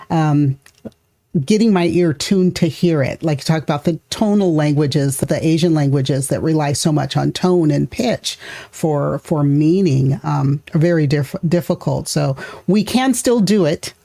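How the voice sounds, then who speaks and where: A woman's voice: low voice, measured pace, creaky, warm tone. A middle-aged woman hosting a podcast interview, talking reflectively and thinking aloud in a casual way. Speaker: podcast host.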